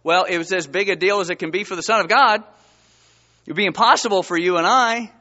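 A man's voice: high-pitched, a little fast, sharp tone, muffled recording. A man preaching a sermon, reading Bible verses and pressing his listeners with rising emphasis. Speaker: pastor.

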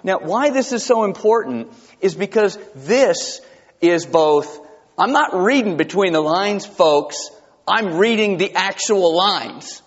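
A man preaching a sermon as pastor, emphatic and animated, often restarting his sentences. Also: high voice, takes it slowly. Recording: dull lo-fi sound with long hall reverb.

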